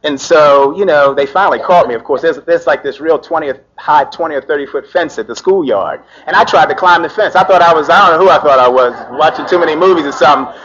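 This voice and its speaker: A middle-aged man, a lawyer, telling a personal story in an animated way, filling his talk with "you know" and laughing as he goes. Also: on the high side, fast talker, few pauses. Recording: dull lo-fi recording.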